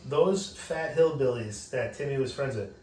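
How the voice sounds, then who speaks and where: A man's voice: medium pitch, warm tone, a little hiss or hum. Blunt ranting man in an echoey room. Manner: blunt, opinionated ranting with quick questions. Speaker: podcast co-host. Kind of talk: casual chat. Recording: echoey room, mic at a distance.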